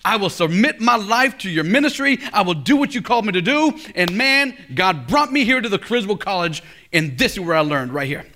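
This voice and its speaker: A middle-aged male pastor preaching a sermon at a college chapel, telling stories with big swings from loud to hushed. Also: high voice, expressive, brisk.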